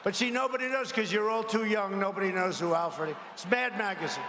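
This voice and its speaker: A man's voice: high-pitched, brisk. Man mocking his rivals from a rally stage. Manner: rambling and mocking, asks the crowd for agreement. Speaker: politician at a rally. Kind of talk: campaign rally speech. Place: large arena. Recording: echoing hall with faint crowd noise.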